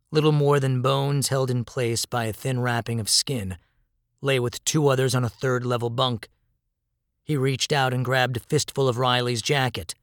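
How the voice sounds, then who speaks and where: A man reads a dramatic story in a measured, grave voice. His pitch is in the middle range. The recording is dry and close, with no room echo. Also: fairly even intonation. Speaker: narrator.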